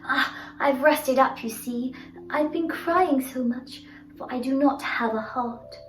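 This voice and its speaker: A woman voicing a gentle, mournful man made of rusty tin who speaks slowly and sadly. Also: high-pitched, distant mic, slight background noise. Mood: sorrowful. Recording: roomy sound from off-mic, faint music.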